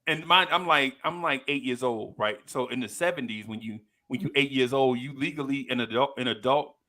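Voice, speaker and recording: A man in his fifties, co-hosting a podcast, telling a story with lively energy and acting out the people in it. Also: medium pitch, fairly quick. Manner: animated storyteller, acts out quoted people in a raised voice. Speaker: podcast co-host. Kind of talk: casual chat.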